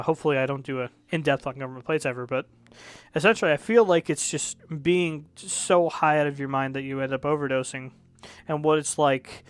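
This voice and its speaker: A man's voice: a little high, fairly bright tone, smooth, dry recording. A young man casually reviewing music, rambling and correcting himself, frank and a bit profane.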